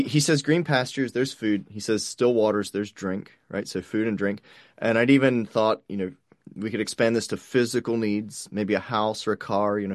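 A man delivers a sermon in an easy, conversational manner, checking in with "right?" and doubling up words as he thinks. His voice sits at an ordinary pitch, and the recording is dry and close with little room sound. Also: darkish tone, dry recording. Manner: stammers and repeats words. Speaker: pastor.

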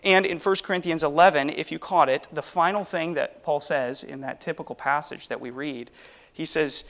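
Man, preacher; earnest sermon delivery with rhetorical questions, a touch higher voice. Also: normal speed, fairly bright tone.

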